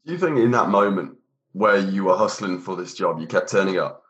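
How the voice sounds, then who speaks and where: A man's voice: sits low, expressive, a little fast, fairly bright tone, dull audio. A man interviewing a guest, asking probing, conversational questions.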